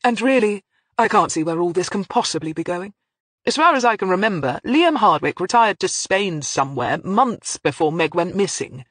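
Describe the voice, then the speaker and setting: A narrator voicing a prickly man who speaks in a clipped, sharp way. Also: high voice, animated, moderate pace, no echo. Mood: smug.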